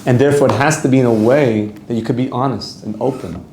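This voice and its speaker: A man's voice: mid-range voice, steady tone, quick pace, a little mellow, roomy sound, a little hiss or hum. A man, a rabbi giving an earnest, conversational Torah class, reading Hebrew text aloud and translating it as he goes. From Canada.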